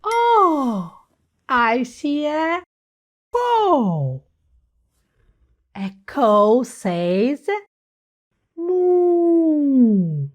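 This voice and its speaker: A young woman with a high voice leads a toddler speech lesson. She talks very slowly, in sing-song, exaggerated words. Her pitch swings all over. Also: sing-song. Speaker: toddler teacher.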